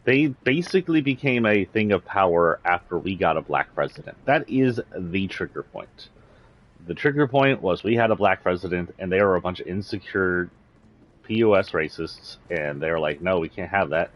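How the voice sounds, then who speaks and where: A political commentator from Texas with a slight Southern accent delivers a blunt, indignant rant on a livestream, swearing freely. His voice is low and expressive at a moderate pace, and the audio sounds dull.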